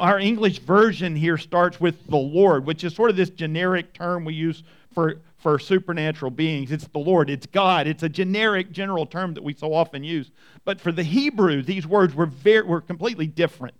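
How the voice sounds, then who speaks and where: A man preaching a sermon as pastor, conversational, restarting and repeating words, brisk but slowing down for emphasis. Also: sits high.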